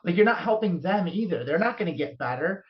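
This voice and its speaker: A podcast co-host talking in casual chat, heated and rambling, with many restarts. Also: female voice, fairly low pitch, lively intonation, brisk. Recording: dull lo-fi sound.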